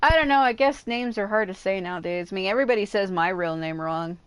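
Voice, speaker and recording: A woman's voice: mid-range voice, fast talker, a little hiss or hum. A woman streaming a video game, rambling and exasperated as she comments, swearing often. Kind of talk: casual live gameplay commentary.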